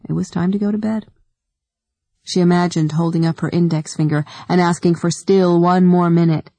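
Woman audiobook narrator, dark mellow tone, dry close sound, measured delivery. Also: lowish voice, fairly even intonation, no echo. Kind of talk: scripted narration.

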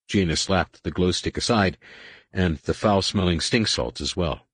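A man reading a science fiction novel aloud in measured, dramatic scripted narration. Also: sits low, a bit bright, breathy edge, dry recording. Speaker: audiobook narrator.

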